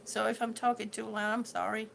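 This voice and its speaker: Middle aged woman on a livestream, high and kinda gravelly, rambly chatty, faint hiss behind. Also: flat delivery, a little fast, a bit bright. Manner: chatty, repeats herself, loses words and laughs it off. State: ringing in the ears, yawning, hungry. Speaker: livestream host reading viewer comments. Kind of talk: casual live chat with viewers.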